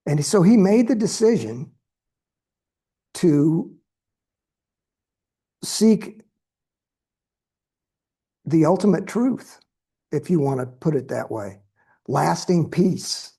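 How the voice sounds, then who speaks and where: Slow, gravelly male dharma teacher. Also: on the high side, expressive, mellow. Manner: slow, measured storytelling with pauses. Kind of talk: dharma talk.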